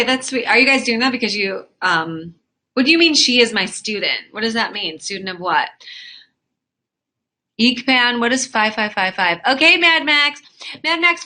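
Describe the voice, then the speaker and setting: Through a phone or webcam mic, a woman with a medium-pitched, sharp voice runs a live webcam chat room. She reads viewer comments aloud, chatty and flirtatious, and gets flustered easily.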